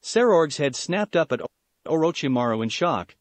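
A man reading fan fiction aloud in an animated, slightly stumbling way. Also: fairly high pitch, moderate pace, dry recording. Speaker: story reader.

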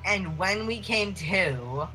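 A bright, lively young woman voices characters in a let's play with friends, laughing often and swinging between mock menace and giggles. Her tone is forceful and her pitch moves all over, with faint music under her. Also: slow, rough recording. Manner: playful, laughs often, expressive. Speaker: host voicing characters in a game.

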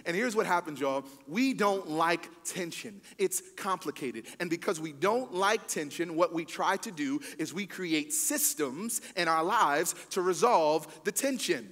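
A man with a high voice preaches a sermon in a conversational, emphatic way, addressing the congregation directly. His words carry a long reverb tail from the church hall around him. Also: animated, a little slow, hardly any pauses, fairly bright tone. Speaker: pastor.

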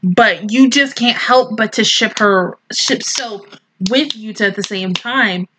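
A woman's voice: medium pitch, unhurried, background noise. A woman hosting an anime reaction video, rambling emotionally in casual commentary and swearing freely.

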